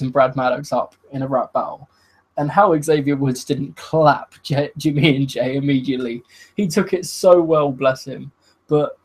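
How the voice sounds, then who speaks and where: A man giving a solo review of a wrestling show, excitable and laughing, swearing often and acting out what the wrestlers said. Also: mid-range voice, slightly rough, rough recording. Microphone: video call.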